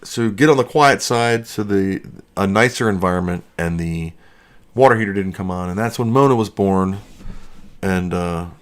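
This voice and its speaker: A man's voice: low voice, normal speed, clear, resonant tone. A man hosting a casual livestream from his basement studio, rambling and joking as he answers chat questions. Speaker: livestream host.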